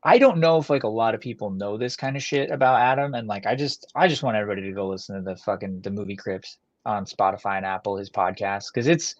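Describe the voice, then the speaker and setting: A man co-hosting a podcast, talking in a rambling, animated way with fast bursts and lots of swearing. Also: lowish voice, no echo. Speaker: podcast co-host. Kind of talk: casual chat with heavy swearing. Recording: dull lo-fi dry sound.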